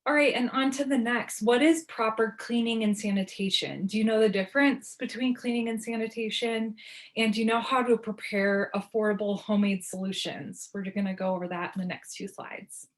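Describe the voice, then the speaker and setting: A woman presenting an online workshop in a relaxed, informal way, with frequent ums. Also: a little high, fairly quick.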